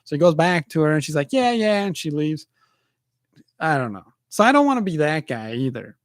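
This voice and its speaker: A man in his forties hosts a podcast and rambles through a story in animated casual chat. His voice sits a little higher than most men's. The sound is close and dry. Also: brisk, no room sound. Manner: animated storytelling, says dude and man a lot. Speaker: podcast host.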